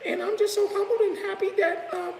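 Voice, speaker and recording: A man putting on a high, breathy, overly humble voice to mock a meek, soft-spoken man. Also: fairly even intonation, a little fast, far from the mic. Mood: simpering. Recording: roomy echo with faint hiss.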